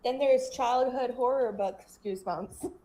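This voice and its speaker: A woman's voice: fairly high pitch, warm tone, poor audio. A young woman as a podcast guest, chatting casually in a playful, teasing way. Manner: playful and teasing, quick to joke.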